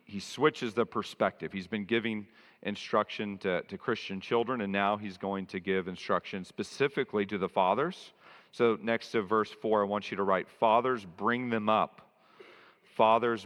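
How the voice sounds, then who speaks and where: A man with a low voice preaches a sermon, stressing and repeating his key phrases. His voice rings out in a church hall with a long reverb trailing behind each line. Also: normal speed, fairly bright tone. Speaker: pastor.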